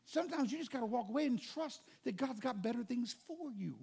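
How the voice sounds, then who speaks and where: A man preaching a sermon as pastor, animated and conversational, with joking asides to the congregation. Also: very high voice, a little fast, gravelly, breathy edge.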